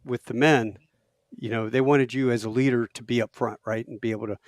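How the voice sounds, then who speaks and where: A man's voice: mid-range voice, a little fast, no echo, studio quality. A man in his late fifties, a podcast host, telling casual stories and laughing often. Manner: animated, laughs often, does loud impressions of drill instructors. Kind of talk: casual storytelling chat.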